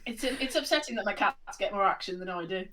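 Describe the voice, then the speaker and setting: A woman's voice: mid-range voice, expressive, brisk, background noise. A woman chatting and laughing with friends over a video call. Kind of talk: casual chat on a live stream.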